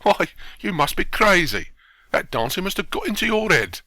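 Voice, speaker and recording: A man's voice: medium pitch, lively intonation, brisk, bright, forceful tone, dry recording. A man voicing a stubborn, easily offended night watchman who blusters and protests. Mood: indignant.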